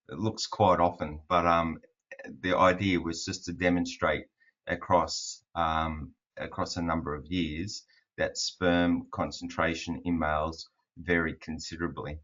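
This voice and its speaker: Low monotone aussie guy lecturing docs over slides on a call, lots of ums, muffled audio. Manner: monotone, with frequent ums and uhs. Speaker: fertility doctor presenting a webinar. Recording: dull, lo-fi webinar audio.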